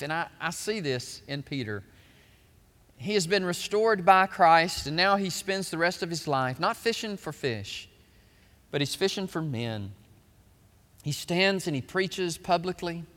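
A male pastor preaching a sermon, swelling loud and then dropping quiet. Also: on the high side, animated, measured pace. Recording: long hall reverb.

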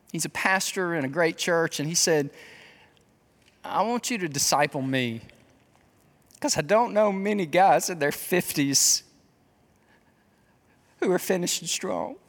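A man in his fifties preaching a conversational sermon, telling stories in an animated way with quick asides. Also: fairly high pitch. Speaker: pastor. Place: church sanctuary. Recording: long hall reverb of a church.

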